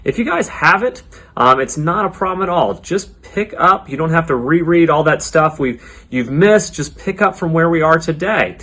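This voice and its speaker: A man's voice: fairly high pitch, animated, moderate pace, bright, forceful tone. A man leading a kids' church lesson. He is upbeat and chatty and speaks straight to the children, with a lot of ums. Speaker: children's ministry leader.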